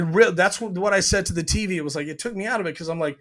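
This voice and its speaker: A man's voice: sits high, rapid-fire, fairly bright tone. A man giving a casual, opinionated breakdown of a TV scene, retelling it and acting out the lines as he goes. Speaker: TV show reviewer.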